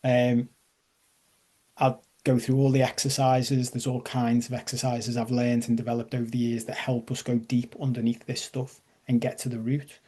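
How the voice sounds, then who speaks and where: A man's voice: mid-range voice, completely flat delivery, normal speed, dark tone. A man leading a live online coaching masterclass, chatty and self-deprecating, checking in with his audience. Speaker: life coach.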